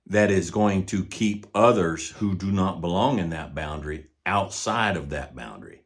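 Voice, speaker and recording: An older man with a very low, deep voice talks about horses in a relaxed, folksy manner. He tells stories at an easy pace, and his voice often falls to a quiet murmur at the ends of thoughts. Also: measured pace. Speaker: horse trainer. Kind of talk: casual teaching talk.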